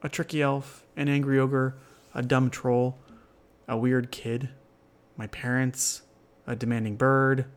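A man's voice: mid-range voice, flat delivery, a little slow, lightly acted. A man voicing a cocky young runaway boy in a storybook tale, who talks in a breezy, slightly boastful way.

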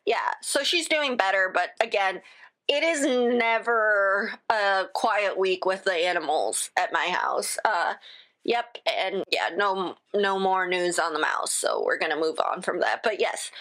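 A rambling, chatty woman on a solo podcast, who keeps breaking off mid-thought and starting over with "again." Her pitch sits in the middle, neither high nor low. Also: lively intonation, a little slow, fairly bright tone. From United States. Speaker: podcast host.

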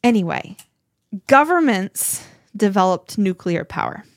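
Woman podcast cohost, chatty and animated, keeps restarting, dry close mic, mid pitch. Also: measured pace, no echo. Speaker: podcast co-host. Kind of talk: casual conversation.

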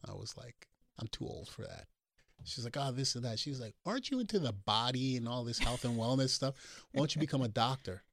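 A man's voice: mid-range voice, lively intonation, a little fast, fairly bright tone. A middle-aged man from New Jersey, a doctor guest on a call-in show, telling a personal story and acting out the dialogue.

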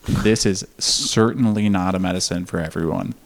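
Gravelly low-voiced man telling a story. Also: normal speed. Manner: candid, laughing, swears freely. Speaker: podcast guest. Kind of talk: casual storytelling.

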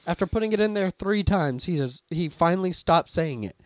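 A man's voice: high-pitched, brisk, dry recording, clean studio sound. A young adult man hosting a podcast, telling stories animatedly in casual chat. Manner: animated storytelling, swears casually. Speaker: podcast host.

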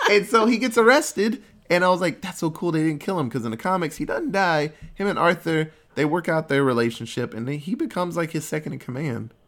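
A man in casual podcast chat, retelling movie scenes with swearing, laughs and quick voices for the characters. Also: fairly high pitch, expressive, fairly bright tone. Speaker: podcast co-host.

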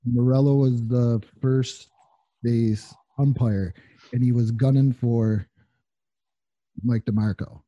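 A man's voice: medium pitch, fairly even intonation, slow pace, long pauses, warm tone, dry recording, lo-fi sound. A man in a casual chat who recalls old stories, often stammering and repeating words.

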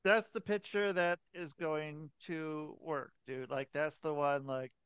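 A man's voice: fairly high pitch, fairly even intonation, slow, fairly bright tone, clean tone, no room sound. A man hosting a podcast, chatting casually with laid-back, profane banter. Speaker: podcast host.

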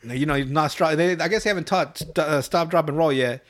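Profane, rambling, fairly high-voiced man. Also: fast talker, fairly bright tone. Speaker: podcast host. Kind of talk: casual episode recap.

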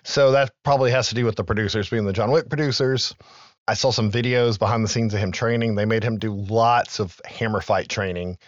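A man's voice: fairly low pitch, fairly even intonation, brisk, no room sound, lo-fi sound. Casual man recapping a movie on a podcast. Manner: conversational, recaps film trivia with loose asides and profanity. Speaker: podcast co-host.

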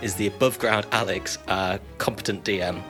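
A man's voice: lowish voice, steady tone, brisk, a bit bright, faint music behind. A man playing a cleric on a tabletop podcast, stumbling and laughing at himself. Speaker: player. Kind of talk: casual podcast banter.

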